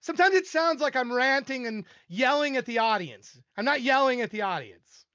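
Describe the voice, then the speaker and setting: An older man hosts a live music-review stream, talking in a rambling, self-deprecating way and laughing often. His voice is bright and animated, swinging widely in pitch. The sound is dry and a little dull. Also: normal speed, no echo. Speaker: livestream host reviewing music submissions. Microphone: desk microphone.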